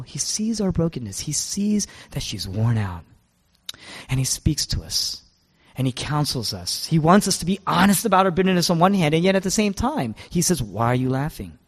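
A man's voice: medium pitch, big-room sound. A male pastor preaching a sermon, asking rhetorical questions and repeating his key phrases.

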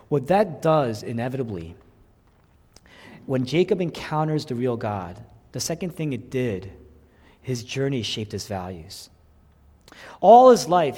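A man preaching a sermon as pastor, swinging from hushed lines to loud emphatic ones. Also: medium pitch, husky, in a large hall.

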